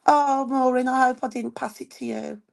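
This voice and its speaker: Croaky high-voiced woman with a cold. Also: sing-song, moderate pace, darkish tone. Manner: teasing, jokey. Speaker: co-host. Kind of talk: casual chat on a live stream.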